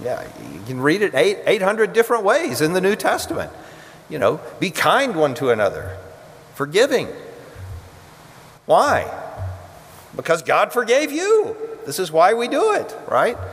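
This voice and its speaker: A male preacher delivers a sermon with a lively, swinging pitch. He pushes up high when pressing a point, then sinks low and quiet on the refrains. His voice rings out with a long reverb in a big church hall. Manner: earnest, rises in pitch when stressing points, drops soft and low on prayer lines.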